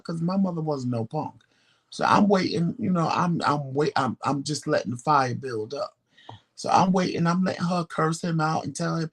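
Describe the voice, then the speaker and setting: Gravelly, high-voiced man telling stories. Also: moderate pace. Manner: animated, profane, acts out quoted voices. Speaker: podcast co-host. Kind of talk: casual storytelling chat.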